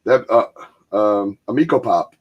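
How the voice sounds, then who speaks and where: A man's voice: on the low side, measured pace, dull audio. Laughing man in casual chat. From Michigan, US. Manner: rambling, laughing, acts out quoted voices. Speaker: podcast host.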